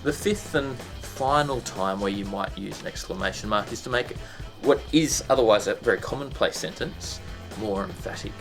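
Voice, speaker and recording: Gravelly-voiced man teaching punctuation. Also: on the low side, moderate pace, few pauses, over music. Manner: chatty, many ums and restarts, bursts into sound effects. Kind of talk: casual explainer lesson.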